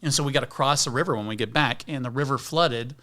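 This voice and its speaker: A middle-aged man, a podcast guest, telling an outdoor story in a lively, casual way and acting out the scenes. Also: medium pitch, fast talker. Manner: animated storyteller, acts out scenes. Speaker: guest, backpacking video creator.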